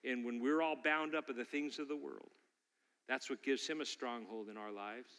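A man preaching a sermon, telling a story and building to forceful exhortation. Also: mid-range voice, moderate pace, big-room sound.

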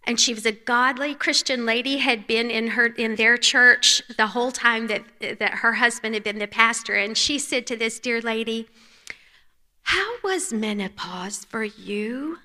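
A woman in her forties with a North Carolina accent, giving an earnest and gentle devotional talk as a women's conference speaker. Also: fairly high pitch, little pitch movement, normal speed, hardly any pauses. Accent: North Carolina Southern US. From North Carolina, USA. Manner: earnest and gentle, often dropping soft. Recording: reverberant church hall.

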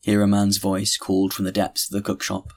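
A man narrating a classic novel as an audiobook reader, reading in a measured, deliberate way. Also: deep voice, monotone.

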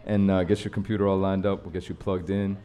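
A man hosting a live radio show from a bar storefront, talking in a relaxed, casual way and affirming his guest often. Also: sits low, quick pace, clean tone. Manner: laid-back, affirming with frequent backchannels.

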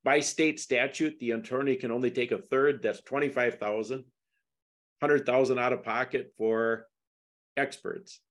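A middle-aged man appears as a podcast guest, walking through a lawsuit in a casual interview. His medium-pitched, fairly bright voice is a little slow with fairly even intonation, yet he's emphatic and shifts into indignant questions.

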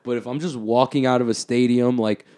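Young adult man, casual podcast chat, profane rambling storyteller, mid-pitched voice. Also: fairly even intonation, brisk, mellow.

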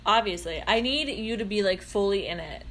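A woman co-hosting a comedy podcast, teasing her co-host with quick reactions. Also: medium pitch, animated, a bit bright. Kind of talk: casual comedy chat.

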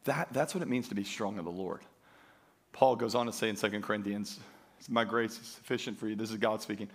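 A man's voice: on the low side, fairly quick. A man preaching a sermon to a church congregation, emphatic and driving, calling out for praise in call-and-response. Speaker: pastor. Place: church sanctuary.

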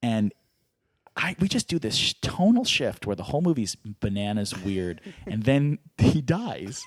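A man's voice: mid-range voice, measured pace, slightly rough, no room sound. Middle-aged guy on a podcast telling a crazy story, laughs a lot, voice jumps all over, dry close mic. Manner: animated, laughs through his stories. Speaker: podcast guest, screenwriter. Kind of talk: casual comic storytelling.

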